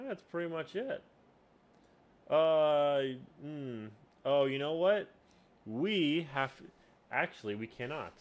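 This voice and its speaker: Man, host giving game-master tips, slow and rambling, lowish voice, faint hiss behind. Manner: relaxed, rambling with fillers and restarts. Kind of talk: casual tutorial talk.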